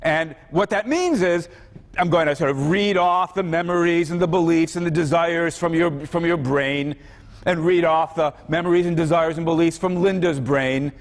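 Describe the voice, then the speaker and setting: A man's voice: on the high side, moderate pace. A man giving a university lecture in a conversational way, now and then acting out examples in other voices. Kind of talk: classroom lecture. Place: large lecture hall. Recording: reverberant lecture hall.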